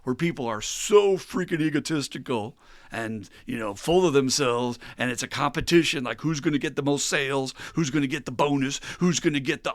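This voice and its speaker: Animated, profane male podcast host. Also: medium pitch, normal speed, dry recording. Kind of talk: casual chat.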